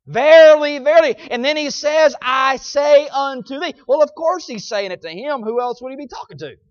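A male preacher delivering a sermon with a strikingly high-pitched voice. He stresses points forcefully and drops into softer asides, dotting his talk with amens. The recording is dry and a little muffled. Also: moderate pace, dry recording. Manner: emphatic, calls out amens, swings between loud and soft.

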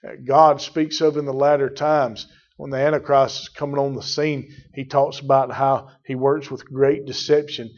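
A man's voice: medium pitch, little pitch movement, normal speed. A man preaching a sermon, emphatic and repetitive, calling on congregation members by name. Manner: emphatic, repeats phrases, addresses congregation by name. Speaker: pastor. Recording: muffled lo-fi church recording.

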